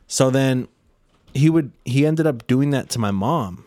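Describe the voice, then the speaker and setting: A man's voice: medium pitch, lively intonation, measured pace, warm tone, no echo, clean studio sound. A young man in casual chat, swearing freely as he retells a run-in with a neighbor.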